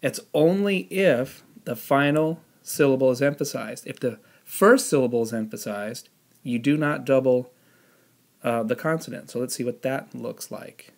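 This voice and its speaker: A man teaching a spelling lesson, explaining the rules patiently step by step and pausing on the odd "um". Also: medium pitch. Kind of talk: spelling lesson with classroom instructions.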